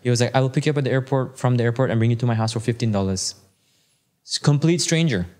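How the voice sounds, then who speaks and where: A man in his thirties, a podcast guest telling a long personal story in casual chat, animated and putting on the voices of people he quotes. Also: mid-range voice, quick pace.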